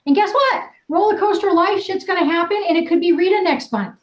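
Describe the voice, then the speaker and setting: A woman's voice: extremely high pitch, a little fast, reverberant, low-quality recording. A woman wellness coach leading a group video call in an upbeat, teasing, blunt manner. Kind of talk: casual coaching chat.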